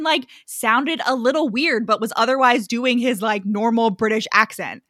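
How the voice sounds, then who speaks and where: A woman's voice: a little high, moderate pace, hardly any pauses, a bit bright, no echo, studio quality. An American woman co-hosting a casual book podcast, chatty and profane, laughing often as she talks. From United States. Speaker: podcast co-host.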